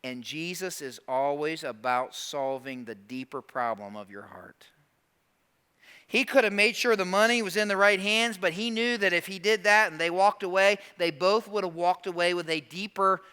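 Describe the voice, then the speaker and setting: A man pastor preaching a sermon, animated and emphatic, sometimes dropping to slow quiet asides. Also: high voice, smooth. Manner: animated, acts out quoted prayers in a raised voice.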